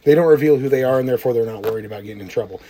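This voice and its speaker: A young man co-hosting a casual, crude podcast, telling stories with loud impressions and lots of swearing. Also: mid-range voice, racing. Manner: profane, animated storytelling with loud impressions. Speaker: podcast co-host.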